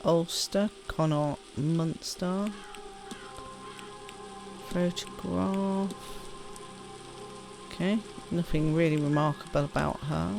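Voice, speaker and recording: Gravelly woman chatting over game music. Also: sits low, fairly even intonation, takes it slowly, pauses often. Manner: chatty, reads game text aloud, self-deprecating. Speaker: gaming streamer. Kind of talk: casual let's-play commentary.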